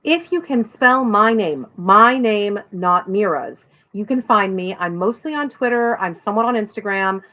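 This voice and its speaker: A woman's voice: mid-range voice, lively intonation, moderate pace, few pauses, fairly bright tone, rough recording. A woman author being interviewed in a casual chat, talking bluntly and animatedly, with self-deprecating humor. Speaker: author guest.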